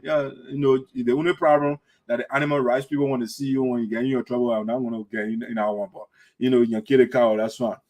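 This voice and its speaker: A man giving rambling, animated commentary on community news, laughing often as he talks. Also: mid-range voice, a little fast. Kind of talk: casual commentary.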